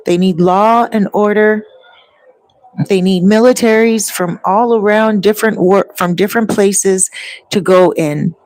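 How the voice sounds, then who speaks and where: A woman's voice: medium pitch, darkish tone, dry recording, rough recording. A woman talking casually to her viewers, rambling and long-winded as she tells stories. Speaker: vlogger. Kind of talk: casual chat.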